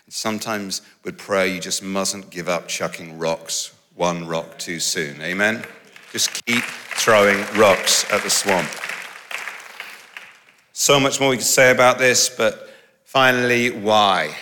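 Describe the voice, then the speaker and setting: A man preaching a humorous, storytelling sermon, self-mocking and animated. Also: on the low side, slow pace, some chatter behind, a little hiss or hum. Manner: animated, self-mocking, laughs through stories. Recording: large hall with long reverb.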